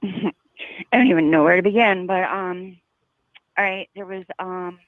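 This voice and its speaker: A woman's voice: lowish voice, fairly even intonation, a little slow, no echo. A woman caller on a call-in show, talking with a slight lisp after mouth surgery and laughing often. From New Jersey. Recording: tinny phone line.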